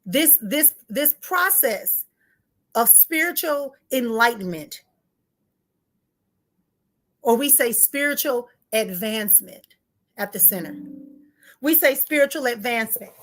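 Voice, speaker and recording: A woman's voice: fairly high pitch, expressive, slow pace, pauses often, fairly bright tone. A woman giving a live spiritual teaching, talking straight to her listeners in an emphatic way, repeating key phrases and picking up speed when she gets heated. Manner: addresses listeners directly and informally.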